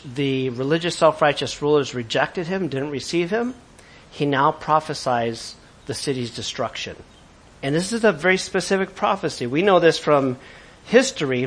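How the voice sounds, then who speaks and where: A man preaching a sermon with energy, swinging between loud emphasis and quiet asides and asking his congregation questions. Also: fairly high pitch. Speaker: pastor.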